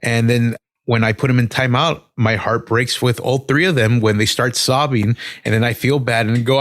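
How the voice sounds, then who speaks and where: A man's voice: medium pitch, steady tone, normal speed, hardly any pauses, a bit bright, no echo, studio quality. A man in his thirties co-hosting a podcast, talking candidly about raising his kids, with fillers and swearing. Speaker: podcast co-host. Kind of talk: casual chat.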